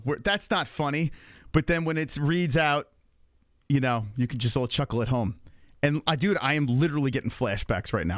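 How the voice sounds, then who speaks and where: A young man hosting a casual livestream, talking in an animated, profane way and laughing often. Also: fairly high pitch, dry recording, clean studio sound. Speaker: livestream host.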